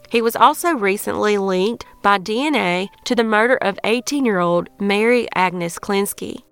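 A woman with a Southern US accent narrates a true crime case in a measured, scripted read. Her voice is smooth and resonant, and soft music plays faintly underneath. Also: medium pitch. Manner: measured, even reading. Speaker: true crime podcast host.

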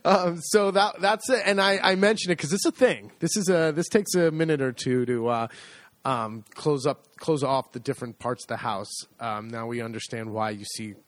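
A man's voice: medium pitch, normal speed, dry recording. A middle-aged American man chatting casually as co-host, rambling and self-deprecating, with many restarts. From United States. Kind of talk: casual chat.

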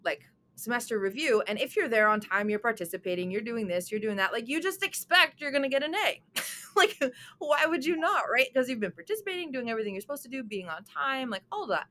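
A young adult woman, a guest, telling her story in an animated way, with lots of "like"s. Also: on the high side. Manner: animated, fast storytelling with many "like"s. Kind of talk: storytelling interview chat.

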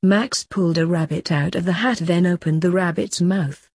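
A woman reading a short story aloud in a calm, even storytelling voice. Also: lowish voice, moderate pace, slightly rough, no echo, clean studio sound. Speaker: narrator. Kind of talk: scripted story narration.

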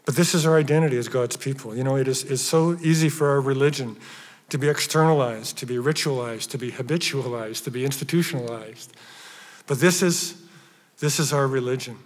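A man preaching a sermon with emphatic stresses that drop at times to hushed, near-whispered phrases. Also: medium pitch, brisk. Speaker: pastor. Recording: reverberant church hall.

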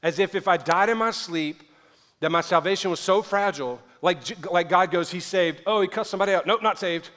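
Man, pastor, sermon, raised pitch, long hall reverb, loud-to-hushed swings, chatty asides. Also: a little fast. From American South.

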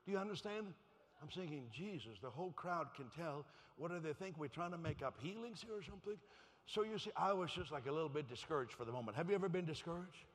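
A man's voice: fairly high pitch, lively intonation, fast. A man preaching a sermon as pastor, telling a personal story in a conversational, self-deprecating way to his congregation. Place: church. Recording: long church hall reverb.

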